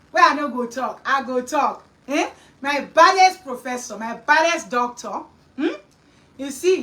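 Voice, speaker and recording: A woman host with a Nigerian accent telling a story in a lively, scolding chat, slipping into Pidgin and Yoruba. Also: high voice, recorded from a distance, low-quality recording. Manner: animated, mixing Pidgin and Yoruba, scolding asides.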